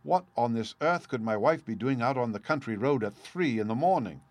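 A man reading a first-person story aloud at a measured, steady pace. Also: medium pitch, no echo. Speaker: audiobook reader.

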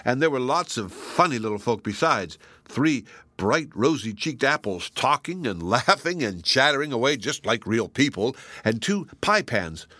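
A man narrating a children's storybook with lively, expressive delivery. His voice is bright and forward, and the recording is dry and close. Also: mid-range voice, no echo. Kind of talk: storybook reading.

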